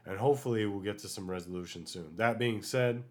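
A man hosting a solo podcast, chatting casually and ranting in an animated way, with many fillers, while getting over an illness. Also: lowish voice, brisk. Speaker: podcast host.

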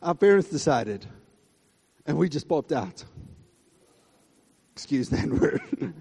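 A man preaching a sermon emphatically, swinging between loud high exclamations and quiet asides. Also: very animated, slow, creaky, slightly rough, big-room sound. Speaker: pastor.

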